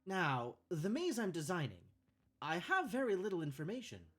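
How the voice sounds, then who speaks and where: A practical woman presses with pointed questions, read by a man. Her voice sits noticeably higher than his natural one. The delivery is direct and probing. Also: huge pitch swings, normal speed, fairly bright tone, heavily acted. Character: guarded, practical woman visitor.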